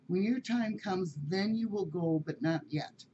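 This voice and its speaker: A woman voicing a gentle male shelter volunteer who speaks in a soothing, reassuring way. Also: on the low side, measured pace, lo-fi sound, slight background noise, natural voice.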